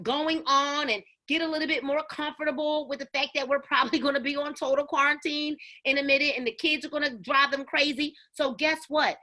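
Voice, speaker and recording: A woman giving an energetic motivational talk on a video call, preaching and calling out to her listeners. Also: high-pitched. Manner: preachy, exclamatory, call-and-response. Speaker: network marketing leader.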